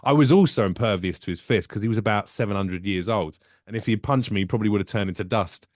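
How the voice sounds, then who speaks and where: In a lowish voice and at a quick pace, the UK comedian guest chats casually, acting out the people in his joke-filled stories with lots of animation. The sound is clean studio quality, free of any room sound.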